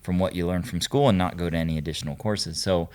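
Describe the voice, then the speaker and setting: Deep-voiced candid male dentist guest. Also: fast. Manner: candid, relaxed storytelling. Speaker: dentist and business owner, interview guest. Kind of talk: casual interview chat.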